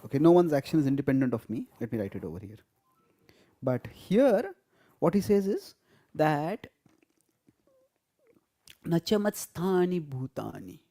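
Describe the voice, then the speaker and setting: Mellow-voiced man teaching a scripture class. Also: fairly high pitch, big pitch swings, normal speed, long pauses. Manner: explains step by step, stresses key words, laughs often. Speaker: spiritual teacher. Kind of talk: lecture on scripture to a live class.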